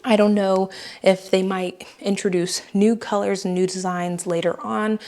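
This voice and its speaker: A woman's voice: fairly low pitch, a little mellow. A young woman from Florida chatting casually in a rambling product-review vlog, with fillers and small chuckles. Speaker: beauty and fashion vlogger.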